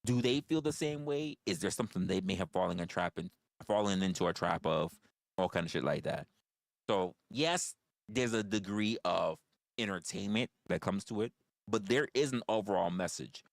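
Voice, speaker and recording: A livestream host chats casually with his viewers, blunt and profane, often stammering and starting his phrases over. His voice is low-pitched at a normal speed, and the recording is dry and studio quality.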